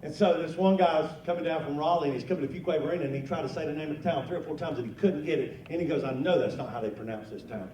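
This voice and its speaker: Delivering folksy stand-up comedy at a luncheon, this North Carolina man in his fifties tells jokes with a Southern US accent. He races along with few pauses in a fairly high, warm, steady voice. He's recorded from afar on an echoey, noisy hall mic.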